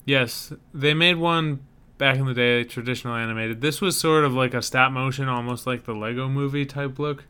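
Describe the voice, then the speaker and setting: A man's voice: medium pitch, fairly even intonation, moderate pace, sharp tone, clear, resonant tone. A young man co-hosting a podcast, chatting casually with dry, self-deprecating humor. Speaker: podcast co-host. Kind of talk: casual chat.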